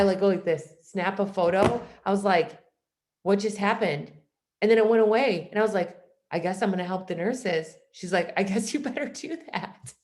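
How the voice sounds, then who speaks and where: A woman's voice: lowish voice, darkish tone. A young woman from Michigan, a guest speaker on a video call, telling her story in a casual, chatty way and saying "like" constantly. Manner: chatty, says "like" constantly, acts out quoted voices.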